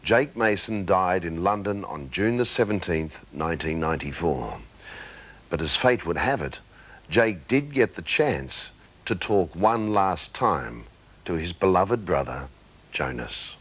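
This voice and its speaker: Very deep, slow documentary narrator man. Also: expressive, a bit bright, slightly rough. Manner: measured and solemn. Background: background music.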